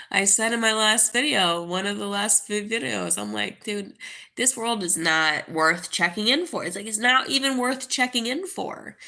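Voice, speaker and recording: A young woman talking to camera in a halting, grieving way, full of fillers and restarts. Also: mid-range voice, gravelly, bright, forceful tone. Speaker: vlogger. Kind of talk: casual spoken monologue.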